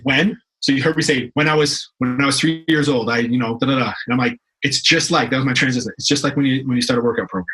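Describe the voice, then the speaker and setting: A young man from Canada talks as a fitness professional in a relaxed interview. His voice is bright and forceful, at a middling pitch for a man. He tells stories with energy, doubling back on his words and scattering fillers as he goes. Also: fast talker, hardly any pauses, rough recording. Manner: animated storyteller, frequent restarts and fillers. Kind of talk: casual interview chat.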